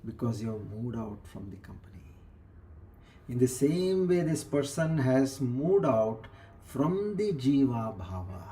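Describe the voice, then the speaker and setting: A man's voice: mid-range voice, very animated, unhurried, mellow. A man giving a spiritual discourse as a teacher, explaining with everyday examples and repeated phrases, sometimes dropping to a near whisper.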